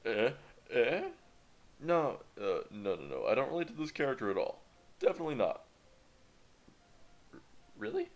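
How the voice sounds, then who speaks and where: Jokey male streamer narrating a visual novel, with a lively, animated delivery. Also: mid-range voice. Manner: joking, playful, quick to laugh. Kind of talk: reading a visual novel aloud with voices.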